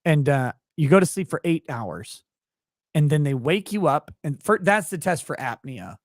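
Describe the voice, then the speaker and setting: Tired man, yawning, profane, laughs a lot, slightly high voice, dry close sound. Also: moderate pace, no room sound. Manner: animated, profane, laughs often. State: tired, yawning while talking. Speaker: podcast guest. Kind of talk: casual storytelling conversation.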